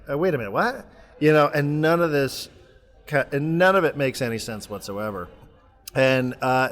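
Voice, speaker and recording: A man co-hosting a casual sports podcast, talking in a rambling, halting way with many restarts. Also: medium pitch, fairly bright tone, big-room sound. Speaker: podcast co-host. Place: remote, traveling abroad.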